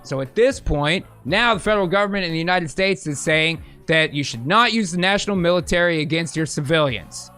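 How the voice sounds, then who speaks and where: A man's voice: a little high, animated, brisk, hardly any pauses, sharp tone, clean tone, soft background music. A man hosting a podcast, giving casual political commentary in a profane, sarcastic, joking way. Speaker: podcast host.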